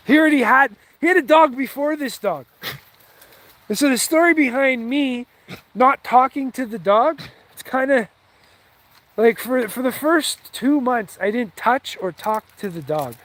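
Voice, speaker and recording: A man's voice: very high-pitched, expressive, moderate pace, a bit bright. A man telling a rambling, heated story with lots of swearing, in a casual, offhand way. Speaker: vlogger.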